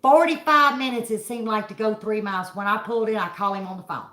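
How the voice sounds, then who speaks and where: A woman's voice: medium pitch, quick pace, pushed and bright, echoey room. A middle-aged woman from Kentucky with a Southern accent, telling a story to her viewers in a folksy, dramatic way. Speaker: vlog host.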